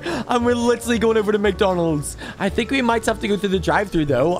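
This clip has a man voicing an excitable, greedy little troublemaker of a toddler in a squeaky baby voice, and his natural voice is also heard. The talk is lively in-character commentary over gameplay.

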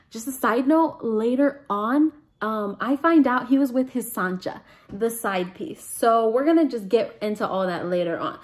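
A young woman vlogger telling a personal story in a chatty, animated way, with dramatic asides. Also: a little high. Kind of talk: casual storytime vlog.

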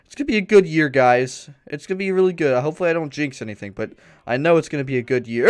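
A man's voice: on the high side, animated, quick pace, hardly any pauses. A man talking casually through a horror maze game, rambling and jumpy, yelping when startled. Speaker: gaming YouTuber. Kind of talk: let's-play commentary.

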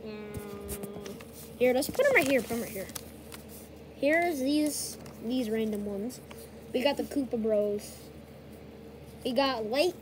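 A woman's voice: a little high, a little slow, pauses often. A woman chatting casually on camera as she shows off a paper craft collection, playful and teasing. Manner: playful, teasing, bursts into silly voices. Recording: noisy home recording.

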